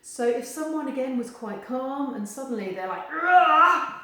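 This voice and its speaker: Woman giving advice to camera, animated, acts out voices, room's really echoey. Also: high-pitched, normal speed. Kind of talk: direct-to-camera advice video. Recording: very echoey room.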